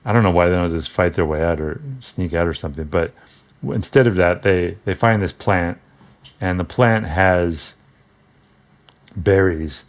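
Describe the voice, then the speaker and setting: A man's voice: deep voice, normal speed. A man casually talking through an old comic book, rambling and wry, with frequent restarts and asides.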